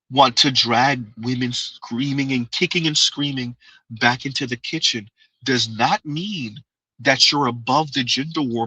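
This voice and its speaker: A man mimicking a soft-spoken, prim, over-enunciating commentator in a hushed, mock-calm voice. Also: mid-range voice, breathy edge, no echo, rough recording.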